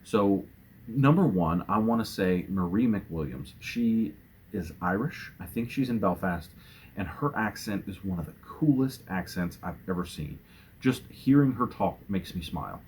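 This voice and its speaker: A man talking casually and earnestly about books in a home vlog, gentle, with fillers and restarts. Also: low voice, expressive, a little slow, slight background noise. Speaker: booktuber. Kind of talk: casual book tag vlog.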